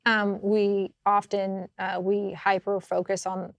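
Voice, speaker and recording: A woman talks through her story with lively, animated energy, laughing as she goes. Her voice sits at a middle pitch and sounds dry and close, with no room around it. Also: takes it slowly, gravelly, no echo. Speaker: podcast co-host. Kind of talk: casual faith chat.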